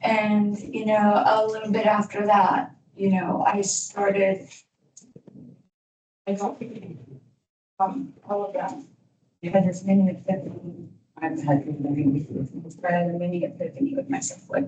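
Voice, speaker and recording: A woman's voice: medium pitch, fairly even intonation, normal speed, darkish tone, muffled recording. A woman in her thirties giving a candid, rambling motivational talk to young people as an alumni speaker, full of "you know" asides. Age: 30s. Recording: echoey room from far off, faint noise.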